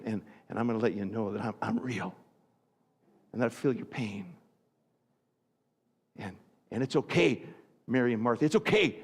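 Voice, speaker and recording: A man voicing Jesus as a gentle, grieving adult man, speaking softly and tenderly. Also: lowish voice, slightly rough, pitched below the performer's own voice. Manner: soft, tender, hushed. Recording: echoey hall.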